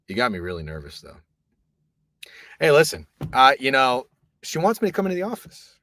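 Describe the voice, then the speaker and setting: A man hosting a casual sports betting chat from an office booth, talking loosely and profanely, rambling, at times hushed and at times loud. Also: medium pitch, wildly swooping pitch, a little fast, long pauses. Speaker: sports betting podcast host.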